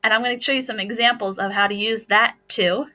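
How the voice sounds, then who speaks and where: American teacher lady, slightly high voice, walks kids thru phonics real patient. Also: fairly even intonation, pushed and bright, poor audio. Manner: slow, patient, step-by-step explaining. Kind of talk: phonics lesson over slides.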